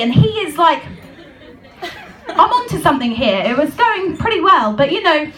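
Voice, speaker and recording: A woman's voice: high-pitched, big pitch swings, moderate pace, a bit bright, far from the mic, a faint crowd. A young woman telling a chatty, self-mocking stand-up story, full of "like" and "um". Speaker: stand-up comedian.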